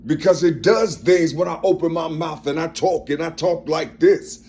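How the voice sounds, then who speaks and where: A man in his fifties with a strong, forceful tone, talking in a rambling personal monologue and repeating phrases as he searches for words. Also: on the high side, normal speed. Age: 50s.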